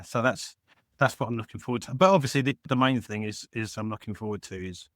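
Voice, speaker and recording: A man's voice: lowish voice, fairly bright tone, no room sound, clean studio sound. A man joining a podcast as a guest, talking casually in an eager, rambling way with many restarts. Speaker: guest caller. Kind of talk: casual chat.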